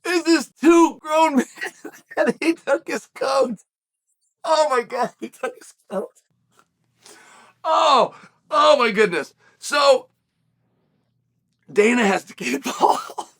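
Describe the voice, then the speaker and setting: A middle-aged man hosts a solo commentary in a very high, bright, forceful voice. He tells the story with excitement and breaks into emphatic shouts. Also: slow pace, gravelly, pauses often, breathy edge. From western United States. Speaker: host.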